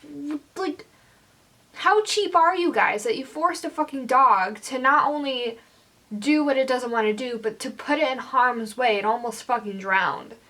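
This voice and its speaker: A young woman vlogger ranting angrily to camera, swearing often and filling pauses with "like". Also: sits high, sharp tone. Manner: heated, swearing, lots of fillers. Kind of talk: angry rant to camera.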